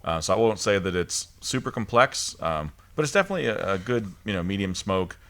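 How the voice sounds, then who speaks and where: A man's voice: sits low, sing-song, fairly quick, fairly bright tone. A man co-hosting a casual review podcast, rambling along with lots of ums and restarts. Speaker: podcast host.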